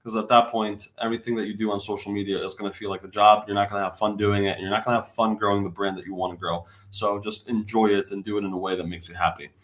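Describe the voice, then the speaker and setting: A man who coaches real estate agents, giving encouraging advice as a guest in a relaxed, casual chat. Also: fairly low pitch, quick pace, few pauses.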